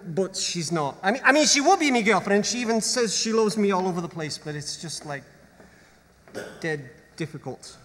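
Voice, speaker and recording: A man's voice: high voice, animated, normal speed, a bit bright, slight background noise. A man playing a shy, working-class teenage boy who stammers and speaks bluntly on stage. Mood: flustered. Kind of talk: stage musical acting. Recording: stage recording in a large hall with music.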